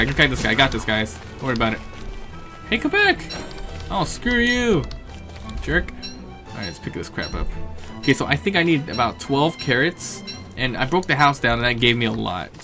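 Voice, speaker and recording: A man doing let's play commentary, excitable and swearing at enemies, then thinking aloud about his plans. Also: mid-range voice. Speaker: gaming commentator.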